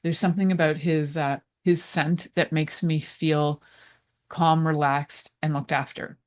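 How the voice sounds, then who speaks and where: Low-voiced chatty woman radio host. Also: level tone, measured pace, highs cut off. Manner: chatty, rambling, laughs easily. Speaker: sex and relationship coach, radio host. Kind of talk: casual radio talk.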